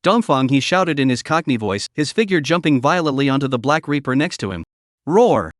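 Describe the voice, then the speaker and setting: A man's voice: medium pitch, very animated, fairly quick, dry recording. Man narrating a story recap, dry.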